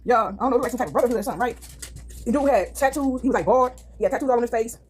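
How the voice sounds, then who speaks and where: A woman vlogger telling stories in a rambling, animated monologue, tagging "right?" onto her sentences. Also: a little high, racing, husky. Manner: rambling, says "right?" constantly; animated, dramatic. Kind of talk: casual storytelling monologue.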